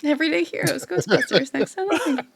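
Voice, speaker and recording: A woman's voice: sits high, lively intonation, moderate pace, vocal fry. A tired woman, the game master, signing off a late-night tabletop stream in a rambling, laughing way. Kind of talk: casual stream sign-off.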